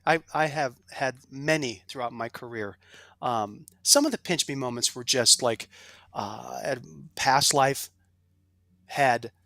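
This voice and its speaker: A man's voice: medium pitch, sharp tone, dry recording. A man as a guest on a casual podcast interview, talking with enthusiasm and strong emphasis. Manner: enthusiastic, emphatic, salesy asides. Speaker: guest, golf industry executive.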